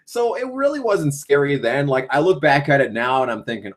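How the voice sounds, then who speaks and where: A man's voice: a little high, expressive, a little fast. Teen gamer guy rambling on a live q&a, lots of ums and swearing, voice bouncing all over. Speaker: gaming YouTuber host. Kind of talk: casual live Q&A chat.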